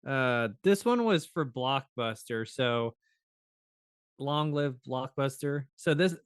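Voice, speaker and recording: A man co-hosting a podcast who tells stories in a lively, animated way, laughs often and acts out the quoted lines. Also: medium pitch, takes it slowly, clean tone, dry recording, studio quality. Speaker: podcast co-host. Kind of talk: casual chat.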